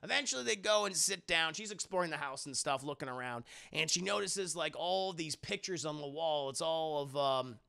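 A man's voice: fairly high pitch, moderate pace, gravelly, few pauses, pushed and bright. A man recapping a TV episode on a live stream, chatting profanely and animatedly with his viewers.

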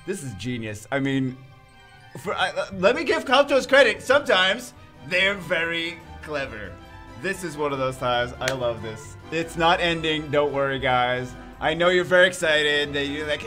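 A man's voice: high voice, big pitch swings, normal speed, sharp tone, faint music behind. A man hosting a casual gaming vlog, talking animatedly and swinging from mock outrage to laughter. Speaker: gaming channel host.

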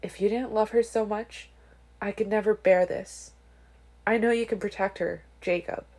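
A woman voicing a young woman saying tender, resolute farewells in a soft, hushed voice. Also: medium pitch, fairly even intonation, moderate pace, close to an everyday voice.

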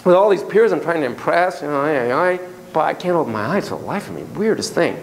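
Male lecturer, high voice, lively swooping pitch, storytelling, casual asides. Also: quick pace, rough recording. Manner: animated storyteller who acts out quoted voices; casual and self-deprecating, with frequent asides. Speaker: lecturer in child psychotherapy. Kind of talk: university lecture with anecdotes.

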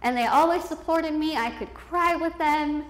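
Candid young woman, self-deprecating, slightly high. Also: moderate pace. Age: 20s. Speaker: motivational speaker. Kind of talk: personal storytelling speech. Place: event hall with a youth audience. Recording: echoey room.

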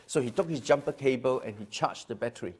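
Pastor telling a story. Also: male voice, mid-range voice, fast, slightly rough. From Singapore. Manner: storytelling, swings from hushed to lively and loud, repeats words. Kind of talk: personal testimony talk.

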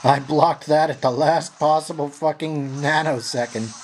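A man's voice: on the high side, fairly even intonation, a little slow, slight background noise. Frustrated man swearing through gameplay. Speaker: gameplay commentator. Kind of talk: profane live gameplay commentary.

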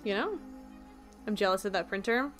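A woman's voice: mid-range voice, lively intonation, a bit bright, soft background music. A young woman streaming a game, chatting casually and laughing as she riffs on her viewers' jokes. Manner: chatty, giggly, quick to riff on jokes.

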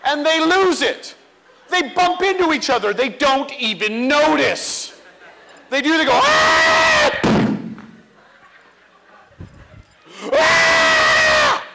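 A man giving a comic talk on stage, acting out children and teachers in an animated way. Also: very high-pitched, a little slow, vocal fry, a loud crowd, heavy background noise. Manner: animated, acts out kids and teachers. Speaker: speaker.

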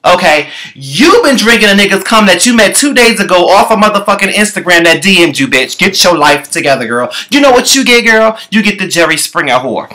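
A man delivering a sassy, profane comic rant, calling the listener "girl" and swooping his pitch around wildly. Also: big pitch swings, a little fast, hardly any pauses, pushed and bright. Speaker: comedian.

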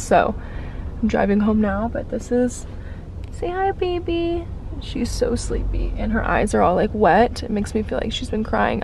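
A woman's voice: mid-range voice, vocal fry, a little hiss or hum. A young woman in her twenties talking casually to her phone camera for a vlog, chatty and a little emotional. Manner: chatty and emotional, with soft teary asides. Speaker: vlogger. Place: in a car, then at home in bed.

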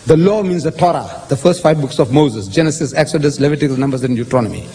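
A man arguing his case in a public religious debate, animated and lecturing, acting out the lines he quotes. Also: fairly high pitch, fast. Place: debate hall. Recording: echoey hall, faint background noise.

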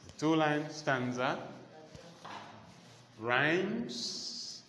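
A man lecturing a class, speaking slowly and repeating key terms so students can copy them down. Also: a little high, expressive, bright, forceful tone, slight background noise. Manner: slow, repeats key terms to dictate notes. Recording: echoey hall with faint ambience.

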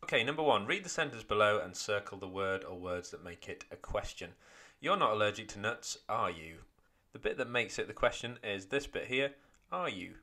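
A male teacher explaining grammar test answers one by one. His voice sits a little low but has a bright, forceful edge, and his manner is clear and methodical. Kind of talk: exam walkthrough lesson.

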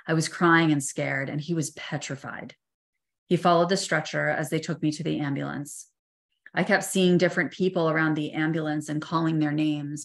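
A middle-aged woman with a low voice reads her own memoir aloud. She keeps a measured, soft pace and slows down for tender passages, like a therapist telling her own story. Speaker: therapist reading her own book chapter. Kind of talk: personal memoir reading.

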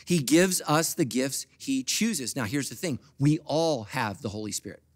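Animated preaching pastor, man. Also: medium pitch, moderate pace. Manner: animated preaching with big swings from soft to loud; humorous asides to the congregation. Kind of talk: sermon.

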